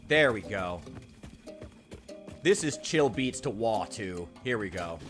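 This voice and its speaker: A man casually commenting while playing a game, rambling and sarcastic, now and then yelling in panic. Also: on the low side, expressive, slow pace, long pauses. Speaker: gaming channel host. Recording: game music loud behind.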